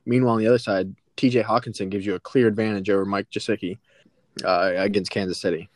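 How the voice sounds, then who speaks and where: A man with a fairly low voice, recorded dry and close, laying out rankings and stats in an even, methodical way. He fills his analysis with small hesitations. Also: quick pace, no room sound. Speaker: podcast host presenting matchups. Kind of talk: casual podcast analysis.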